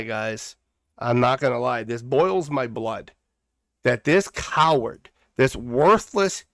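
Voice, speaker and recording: A man's voice: mid-range voice, a bit bright, no room sound. A man hosting a political commentary podcast, talking in a heated, preachy way and repeating phrases for emphasis. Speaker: podcast host.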